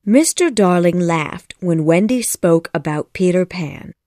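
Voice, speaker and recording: Woman reading a kids audiobook, slow and measured, lots of lilt, dry close sound. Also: on the low side, lively intonation, warm tone, no echo. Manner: measured, clear storytelling. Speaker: audiobook narrator. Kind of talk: scripted narration.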